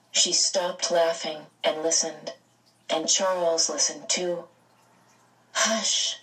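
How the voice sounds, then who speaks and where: A woman narrating a storybook aloud in a slow, expressive reading. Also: lowish voice, distant mic, rough recording. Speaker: audiobook narrator.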